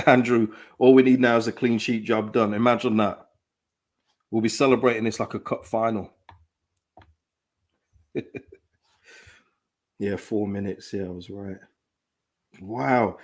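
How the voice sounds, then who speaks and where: Male streamer, casual and excitable, reads chat comments aloud, laughs a lot. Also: fairly low pitch. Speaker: live-stream football watchalong host. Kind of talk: casual live reaction chat.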